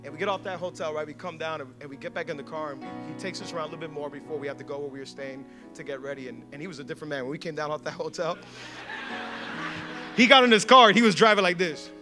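A male pastor telling a story in a sermon, animated, acting out quotes and laughing often. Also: a little high, racing, over music.

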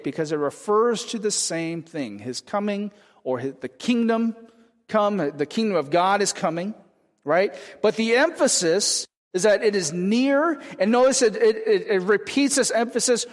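A man from California preaching a sermon in a conversational way, often checking in with the congregation with "right?". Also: high voice. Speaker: pastor. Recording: long hall reverb.

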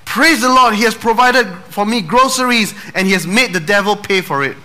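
A man voicing a devout little old lady who shouts her praises to the sky. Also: mid-range voice, slow, slight background noise, voice pushed up. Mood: triumphant.

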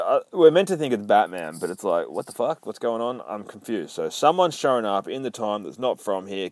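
Profane, excitable man recapping a comic. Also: lowish voice, no room sound. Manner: swears constantly, excitable, acts out lines. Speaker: comic book reviewer.

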